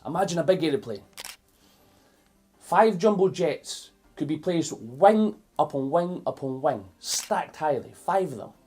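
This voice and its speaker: A man with a Scottish accent reads a picture book aloud to children in an animated, playful way, stopping to explain words for his young listeners. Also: on the high side, husky. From Scotland. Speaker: children's storyteller.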